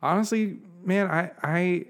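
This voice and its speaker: A man's voice: sits high, measured pace. A young adult man co-hosting a podcast, talking candidly in loose casual chat and laughing easily. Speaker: podcast co-host.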